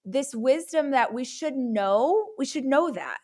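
A woman's voice: high voice, animated, unhurried, darkish tone. A woman hosting a podcast, chatting enthusiastically with her guest. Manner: enthusiastic, gushing. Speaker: podcast host. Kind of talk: casual interview chat.

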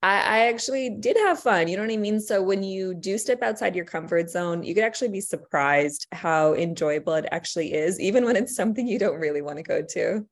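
A woman's voice: medium pitch, fairly quick, hardly any pauses. A woman guest on a podcast, talking earnestly in long rambling stretches with restarts and laughs. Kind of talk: casual chat.

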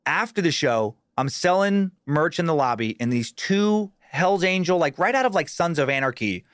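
Comedian guy telling a crazy club story, kinda high voice, dry close mic, swears a lot. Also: moderate pace, smooth, no room sound. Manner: animated, swears freely, lots of restarts. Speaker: comedian podcast guest. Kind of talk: casual storytelling chat.

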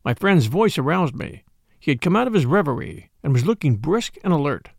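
Brief: male audiobook narrator, lively, gravelly tone, dry close sound. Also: a little high, brisk, dry recording. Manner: steady storytelling, voicing each figure. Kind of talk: scripted narration of a detective story.

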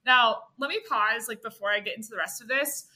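Bright, chatty young woman telling a story. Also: on the high side, a little fast. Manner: animated, chatty, full of "like" fillers. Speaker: podcast guest. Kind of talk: casual storytelling.

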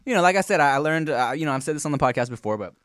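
A man's voice: fairly high pitch, animated, very fast, a bit bright, clean tone, dry recording, studio quality. A man from Long Beach, California, hosting a podcast with loose, playful, profanity-laced casual chat. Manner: loose, playful, swears freely. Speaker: podcast host.

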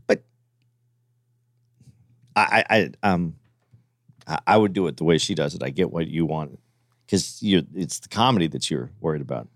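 A man co-hosting a podcast, chatting casually in a halting way with many restarts and stammers. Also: very deep voice, no echo. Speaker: podcast co-host. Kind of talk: casual chat.

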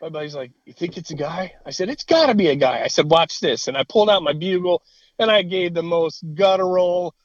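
Animated storytelling man, dry muffled sound. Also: on the high side, fairly quick, no room sound. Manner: animated, swears freely, laughs at his own story. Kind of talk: casual storytelling.

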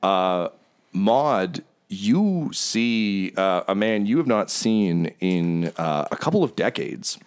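A man's voice: low voice, sing-song, takes it slowly, smooth. A man narrating an improvised tabletop game as game master, hesitant and full of uhs and ums.

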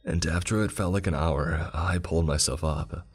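Very deep-voiced male horror narrator. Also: fairly even intonation, normal speed, slightly rough, faint music behind. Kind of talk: first-person horror story narration.

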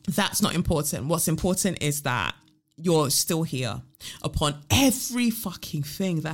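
A woman hosting her own podcast, talking with animated emphasis and a casual streak of swearing. She answers listener letters in an encouraging, conversational way. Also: sits low, measured pace. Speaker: podcast host.

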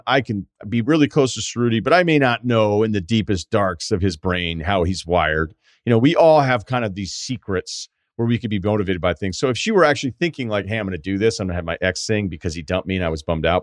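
A podcast host in his forties talks through a listener's problem in a blunt, emphatic, rambling way. His voice sits a bit low. The studio mic sounds dry and close. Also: dry recording. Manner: blunt, emphatic, conversational with many asides. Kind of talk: casual advice chat.

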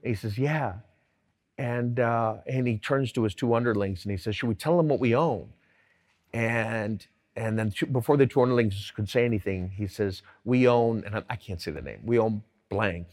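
A middle-aged man, a guest entrepreneur on stage, telling animated anecdotes full of quoted dialogue. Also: on the low side, moderate pace. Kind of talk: storytelling on stage.

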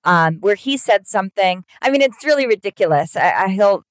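Woman in her thirties, podcast host, reflective storyteller, mid pitch, dry close sound. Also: expressive, fairly quick, dry recording. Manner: reflective, tells stories with quoted dialogue. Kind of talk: casual chat.

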